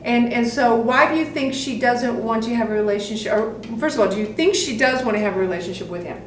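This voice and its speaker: In an acting studio, a woman acting coach gives an actor scene notes, animatedly performing lines as she explains. Her voice is a little high and fast. She's far from the mic in an echoey room, with slight background noise.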